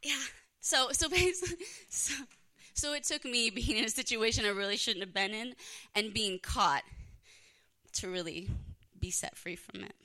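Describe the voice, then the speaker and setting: Young female storyteller, bright forceful tone, candid and self-deprecating, live stage telling. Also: a little high, moderate pace. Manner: candid, self-mocking, laughs through hard moments. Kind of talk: live first-person storytelling. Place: live storytelling event before an audience.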